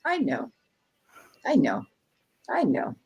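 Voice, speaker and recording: A woman hosts a livestream in loose, casual chat, and her pitch swings widely from line to line. She talks bluntly and emphatically. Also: huge pitch swings, measured pace, darkish tone, husky, highs cut off. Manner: blunt and emphatic, mocks others in quoted voices. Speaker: live stream host.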